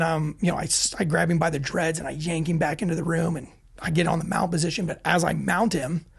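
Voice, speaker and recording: A man with a gravelly, husky voice tells war-story style anecdotes as a podcast guest. He talks fast and animated, swears freely and trips over restarts as he mocks himself. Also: fairly high pitch. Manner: rapid, self-deprecating, frequent restarts. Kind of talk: animated storytelling, casual and profane.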